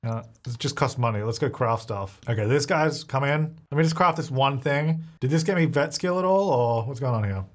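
A man's voice: mid-range voice, fairly quick, few pauses. A man hosting a gaming video, giving chatty, self-mocking gameplay commentary and laughing often.

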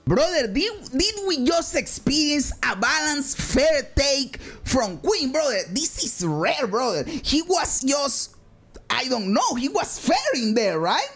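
A woman's voice: high voice, very animated, slow pace, soft background music. A woman reacting to clips in scripted commentary, emphatic and calling everyone "brother". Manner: says "brother" constantly, emphatic. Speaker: video commentator.

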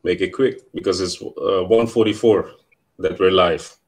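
A man with a very low voice who chats briefly and easily, then reads scripture aloud at a steady pace. His tone is relaxed and unhurried. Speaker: co-host reading scripture. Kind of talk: casual chat and reading scripture aloud.

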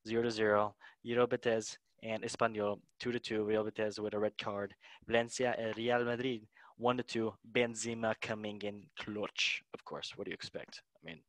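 A man's voice: fairly low pitch, flat delivery, normal speed, no room sound. A young man hosting a casual football chat, playful and laughing often as he runs through match scores. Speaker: podcast host.

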